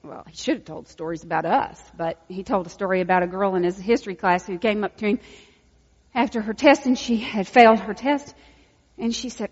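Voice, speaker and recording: A woman's voice: mid-range voice, fairly quick, breathy edge. Woman preaching in a reverberant hall. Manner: swings from hushed, intimate lines to loud emphatic peaks. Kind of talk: sermon. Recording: dull lo-fi recording with long hall reverb.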